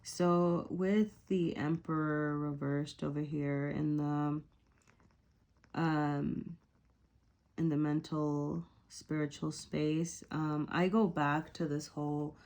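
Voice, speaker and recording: Woman, low pitch, tarot reader, casual rambling talk, hesitant, lots of fillers, apologetic self-corrections. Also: little pitch movement, slow pace, a little mellow. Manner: rambling, hesitant, many fillers and rhetorical "right?". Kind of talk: casual spoken tarot reading.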